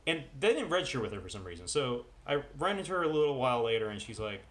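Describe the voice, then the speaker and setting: A man's voice: mid-range voice, lively intonation, fairly quick, bright, forceful tone. A man vlogging at home in casual chat, rambling and full of self-deprecating asides. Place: at home with dogs.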